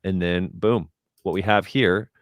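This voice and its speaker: Unhurried and fairly even in intonation, a very low-voiced guest presenter talks through a casual screen-share tutorial, reasoning out loud in an unpolished, chatty way. The audio is close and dry, free of room echo.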